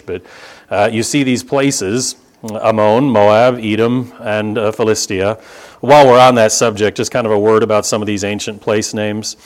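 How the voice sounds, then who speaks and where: A man from the United States preaching a conversational Bible sermon, explaining with casual asides and rising emphasis. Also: on the low side. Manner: conversational teaching with asides and humor. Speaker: pastor.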